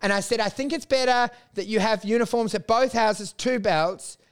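High-voiced man, animated storyteller. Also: moderate pace, clean tone. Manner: swears freely, animated storytelling with put-on quoted voices. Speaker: podcast co-host. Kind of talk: casual banter.

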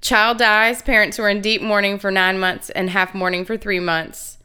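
A woman's voice: medium pitch, level tone, moderate pace, bright, forceful tone, clean tone. A woman co-hosting a casual podcast, reading history notes aloud and breaking into giggles now and then. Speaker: podcast co-host.

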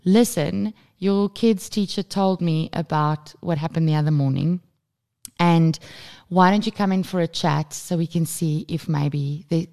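A woman in her thirties co-hosting a casual parenting podcast, telling a story with lively acted-out moments and plenty of swearing. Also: fairly low pitch. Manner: animated storytelling, acts out screaming child, swears freely. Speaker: podcast co-host. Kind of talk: casual chat.

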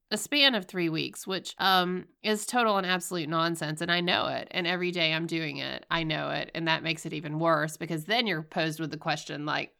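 Candid, nasal-sounding woman podcaster, gravelly. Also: low voice. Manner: candid, swearing, laughs at herself, animated storytelling. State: stuffy and nasal. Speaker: podcast host. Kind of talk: casual solo podcast monologue.

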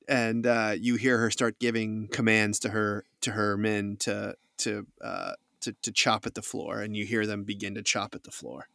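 A man's voice: lowish voice, little pitch movement, normal speed, vocal fry, hardly any pauses, a bit bright, dry recording, clean studio sound. A man narrating as game master of a tabletop game, hesitant and full of restarts. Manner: hesitant, many fillers and restarts.

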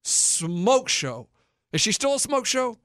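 A man in his thirties with a notably high voice spins a childhood story with lots of energy, jumping into the voices of the people in it. The sound is close and dry, with no room around it. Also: takes it slowly, no room sound. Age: 30s. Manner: animated, acts out quoted voices. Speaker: podcast host. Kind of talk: casual storytelling chat.

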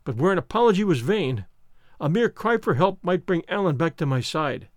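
A man narrating a classic novel in first person with expressive, storytelling delivery. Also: high voice, normal speed, no echo, clean studio sound. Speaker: audiobook narrator.

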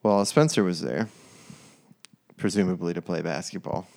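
Animated low, gravelly-voiced man. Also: moderate pace. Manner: animated storyteller, many restarts. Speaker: podcast guest. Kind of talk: casual chat.

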